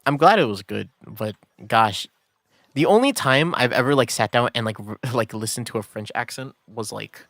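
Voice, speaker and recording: A man's voice: medium pitch, expressive, normal speed, fairly bright tone, no echo. A man chatting casually while streaming a game, laid-back and rambling, laughing often between thoughts. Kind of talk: casual gaming stream chat.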